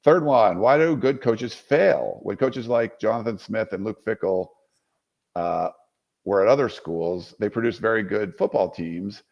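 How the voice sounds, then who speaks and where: A man's voice: lowish voice, measured pace, creaky, lo-fi sound. A male podcast co-host in casual sports chat, talking loosely and rambling.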